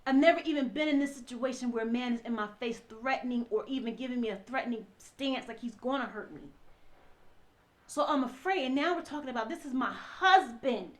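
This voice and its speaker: A woman telling an emotional personal story, halting and restarting often as she relives it. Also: sits high. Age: adult mother. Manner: halting, many restarts, acts out quoted dialogue.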